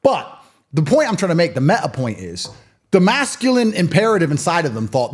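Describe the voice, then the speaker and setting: A man's voice: a little high, huge pitch swings, a little fast. A man in his thirties, a guest in a sit-down interview, telling stories and giving opinions in a blunt, provocative, emphatic way. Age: 30s. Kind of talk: conversational storytelling and opinion.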